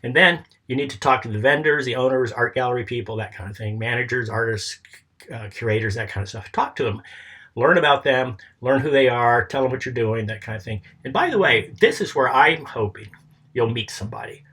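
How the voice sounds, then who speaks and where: Husky man casually coaching. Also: mid-range voice, a little fast, bright, forceful tone. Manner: rambling and informal, often checks in with "okay?" and "all right?"; coaching, advice-giving tone. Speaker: presenter explaining a business plan. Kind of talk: casual walkthrough of a plan.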